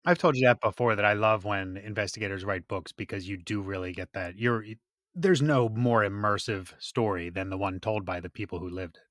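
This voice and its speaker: A man's voice: on the low side, a little fast, fairly bright tone, dry recording. Friendly guy cohosting a crime podcast, chatty, dry close sound. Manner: friendly, enthusiastic banter with "like" fillers. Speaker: podcast co-host. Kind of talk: casual true-crime podcast chat.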